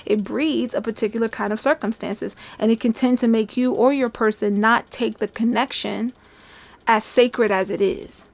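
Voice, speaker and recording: A woman's voice: a little high, steady tone, normal speed, vocal fry. Chatty, musing woman tarot reader. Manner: chatty, musing, laughs often, acts out quoted thoughts. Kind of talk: channeled tarot reading to camera.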